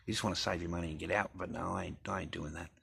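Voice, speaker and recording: Middle-aged bloke for a sweary rant to camera, low gravelly voice, blunt and profane. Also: male voice, fairly even intonation, rapid-fire, pushed and bright. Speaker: vlogger.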